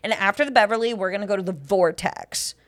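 A woman's voice: medium pitch, fast talker, lightly acted. A woman voicing a pushy, bubbly young sorority woman who insists her stranger sit down and party. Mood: bossy.

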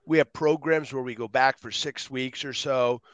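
A man on a podcast as a guest, talking with energy and acting out quotes in lively voices. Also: mid-range voice, normal speed, no room sound. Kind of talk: animated interview talk.

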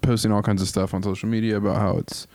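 A man chatting casually as a podcast co-host, animated and quick to slip into silly voices. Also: on the low side, no echo. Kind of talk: casual chat.

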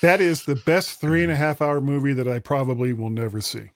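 A man's voice: medium pitch, steady tone, a little fast, dry recording, studio quality. A man co-hosting a casual tech podcast, telling stories in an easygoing, amused way. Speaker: podcast co-host.

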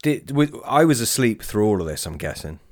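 A man's voice: on the low side, big pitch swings, a little fast, dry recording, clean studio sound. A man in casual chat, curious and asking follow-up questions.

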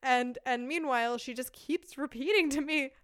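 A woman's voice: high-pitched, normal speed, clean tone, no echo, clean studio sound. A woman in her thirties from the United States, a podcast guest telling a casual anecdote with frequent laughter. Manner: lively storyteller, laughs often.

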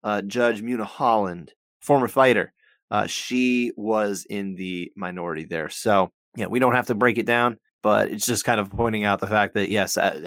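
A man co-hosting a podcast, talking through scores in a measured way, thinking out loud with frequent restarts. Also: lowish voice, no echo. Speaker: podcast co-host. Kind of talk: casual podcast chat about fight scoring.

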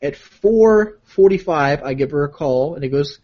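Man co-hosting, slightly high voice, rambling storyteller, lo-fi audio. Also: expressive, moderate pace, a little mellow. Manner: storytelling, repeats himself, reads out texts. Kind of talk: casual chat.

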